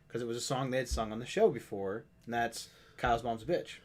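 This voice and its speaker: A man co-hosting a podcast, telling animated stories in casual chat and swearing casually. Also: medium pitch, brisk. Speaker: podcast co-host.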